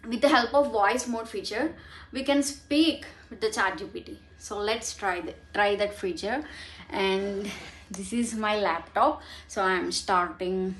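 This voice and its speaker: A young woman, talking in a casual vlog, earnest and halting with fillers. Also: mid-range voice, fairly bright tone. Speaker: vlogger. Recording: roomy echo.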